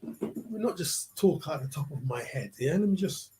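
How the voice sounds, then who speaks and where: A man's voice: a little high, animated, moderate pace, warm tone, slight background noise, low-quality recording. A man ranting in a vlog, profane and prodding the listener with repeated questions. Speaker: vlogger. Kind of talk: ranting commentary.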